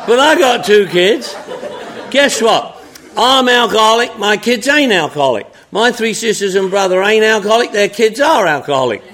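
A man's voice: high-pitched, lively intonation, normal speed, a bit bright. A man speaking to an audience at a recovery meeting, telling his story in a folksy, drawling, joking way with lots of repetition.

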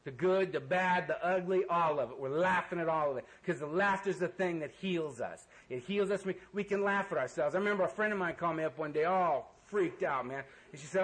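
Talking fast in a high, slightly bright voice, a man addresses a packed meeting room as the recovery-meeting speaker. His testimony is blunt, earnest, and funny, with casual cursing, and the recording is rough.

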